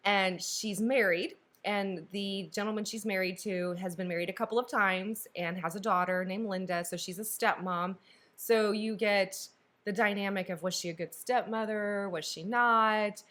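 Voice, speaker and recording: A woman's voice: mid-range voice, fairly even intonation, moderate pace, fairly bright tone. A woman co-hosting a book review, casually retelling a story and acting out characters' lines.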